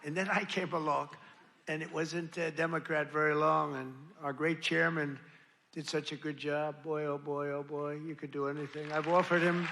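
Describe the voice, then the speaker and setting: A man's voice: fairly high pitch, moderate pace, gravelly, bright, forceful tone, some chatter behind, a little hiss or hum. A man giving a boastful, rambling, repetitive rally speech at a podium microphone. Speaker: political speaker at a rally. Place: large rally venue.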